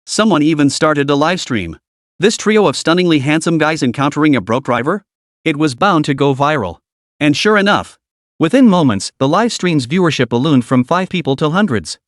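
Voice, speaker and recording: Male recap narrator, dramatic read, fairly high and animated. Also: normal speed, no room sound, studio quality. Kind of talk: scripted story narration.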